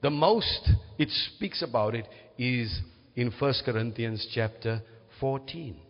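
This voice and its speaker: A man's voice: mid-range voice, takes it slowly. A man preaching a teaching sermon, often checking in with his listeners. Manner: teaching, asks "right?" to check understanding. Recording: muffled, reverberant hall.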